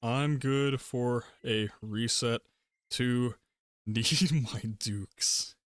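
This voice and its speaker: A young man streaming a game, chatting casually in a rambling, relaxed way and laughing often between thoughts. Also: mid-range voice, drawn-out words, clear, resonant tone, no echo, clean studio sound. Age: young adult. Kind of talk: casual gaming livestream chat.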